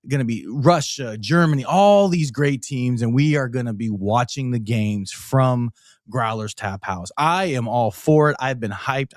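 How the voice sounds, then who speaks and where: A man hosting a casual livestream, reacting to a football game with excited, rambling commentary and many fillers, often out of breath. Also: mid-range voice, dry recording, clean studio sound. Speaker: livestream host. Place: home.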